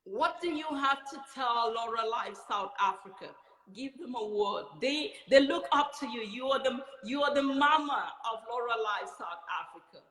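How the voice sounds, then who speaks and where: A woman's voice: a little high, lively intonation, normal speed, fairly bright tone, roomy sound, in a large hall. A woman praising her business partner with effusive, prayerful blessings and talk of prophecy.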